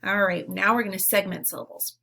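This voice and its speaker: A woman teaching a phonics lesson to young children, giving slow, clearly spoken word prompts and pausing for them to repeat. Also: mid-range voice, steady tone, bright, forceful tone. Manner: encouraging.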